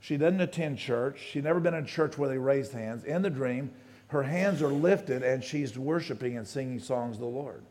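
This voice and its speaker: A pastor giving a sermon, telling a story with plenty of quoted dialogue and halting restarts, his voice rising and dropping. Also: medium pitch, darkish tone.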